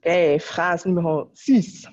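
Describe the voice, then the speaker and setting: A woman's voice: on the low side, fairly even intonation, takes it slowly, darkish tone. A woman French teacher giving a recorded lesson, patiently explaining in English with French phrases. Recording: dull lo-fi recording.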